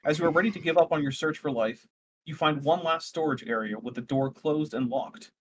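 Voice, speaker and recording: Fairly high-voiced male game master. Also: a little fast, slight background noise. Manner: relaxed, rambling, self-correcting. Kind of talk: narrating a tabletop game.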